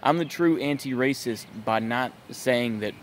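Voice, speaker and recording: A man's voice: mid-range voice, measured pace, a little hiss or hum. Exasperated man ranting to camera. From United States. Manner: exasperated, incredulous, lots of filler like "it's just like" and "bruh". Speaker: channel host, political commentator. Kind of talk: ranting vlog commentary.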